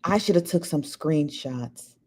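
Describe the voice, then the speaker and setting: A woman's voice: sits low, expressive, a little slow, darkish tone, slightly rough. A woman hosting a live show, chatting casually and reading out viewer comments in a rambling, gossipy way, full of fillers.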